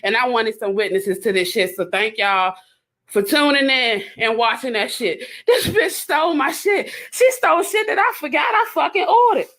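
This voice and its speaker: A woman's voice: fairly high pitch, expressive, normal speed, a bit bright. A woman recording a live phone video, furious and swearing constantly in an exasperated rant.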